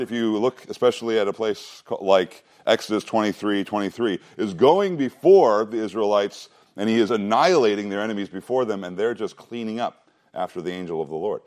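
A man's voice: fairly low pitch, a little mellow. A man preaching a sermon, earnest and emphatic, often restarting words and asking rhetorical questions.

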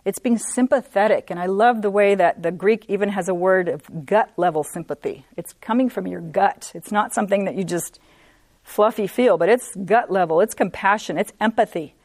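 A woman teaching a women's Bible study, earnest, repeating points for emphasis and reading scripture slowly. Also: medium pitch, darkish tone, no echo.

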